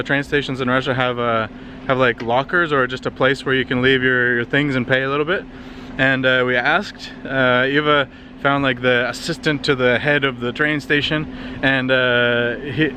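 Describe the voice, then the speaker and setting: A man's voice: mid-range voice, slight background noise. A tired Canadian man narrating a casual travel vlog, rambling with lots of fillers as he walks around. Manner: relaxed, rambling with many fillers. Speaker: travel vlogger. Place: outdoors on city streets. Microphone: handheld compact camera.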